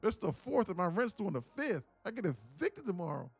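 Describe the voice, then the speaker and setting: A man's voice: sits high, sing-song, fairly quick, creaky, husky, faint music behind, voice pushed up, heavily acted. A man voicing a broke, impatient young male viewer who swears and whines, demanding that the trades start. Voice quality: profane, whiny and mocking.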